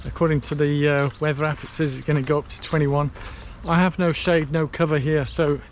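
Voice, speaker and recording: A fairly high-voiced man vlogs as he walks a long towpath in the heat, chatty and self-mocking, tired from hours on his feet. He thinks aloud with fillers and asides. Faint outdoor noise sits under his voice. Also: little pitch movement, brisk. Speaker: vlogger on a long charity walk. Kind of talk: casual walking vlog, talking to camera. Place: outdoors on a canal towpath in hot sun.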